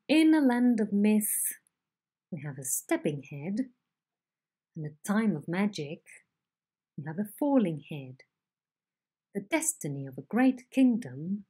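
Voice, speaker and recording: A woman teaching a phonetics lesson, explaining slowly and modelling intonation patterns on example sentences. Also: mid-range voice, warm tone, slightly rough. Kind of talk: recorded online lecture.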